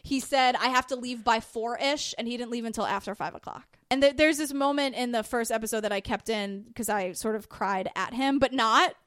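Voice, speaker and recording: Excitable woman telling a story. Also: on the high side, brisk, few pauses, dry recording, clean studio sound. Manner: excitable, gushing, animated retelling. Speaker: podcast guest. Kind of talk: casual storytelling chat.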